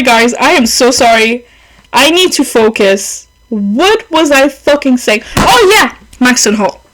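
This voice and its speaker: A woman's voice: on the high side, lively intonation, unhurried, rough recording. A young woman hosting a podcast in casual, rambling chat, with a mother tongue and easy swearing. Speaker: podcast host.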